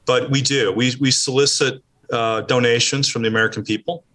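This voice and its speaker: A man who leads a charity, answering interview questions in an earnest, measured way. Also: medium pitch, steady tone, a bit bright. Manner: earnest, measured, uses ums. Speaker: charity CEO guest.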